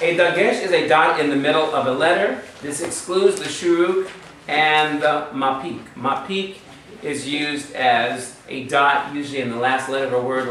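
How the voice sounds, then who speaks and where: A man's voice: medium pitch, a bit bright, slight background noise. A man teaching a Hebrew class, patiently quizzing students and walking them through the material. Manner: patient, asks the class questions. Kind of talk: classroom lecture. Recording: echoey room from far off.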